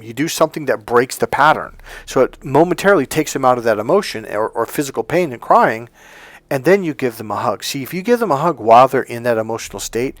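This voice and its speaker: A man's voice: medium pitch, dry recording. A man speaking as a dating coach in a persuasive, emphatic monologue to his viewers. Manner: emphatic, persuasive, acts out quoted voices.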